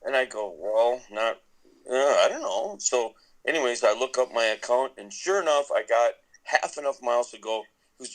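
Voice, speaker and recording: Middle-aged guy rambling through a story on a podcast, lots of restarts, average pitch. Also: expressive, normal speed, rough recording. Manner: rambling with many restarts and laughs. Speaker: podcast guest, musician. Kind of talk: casual storytelling.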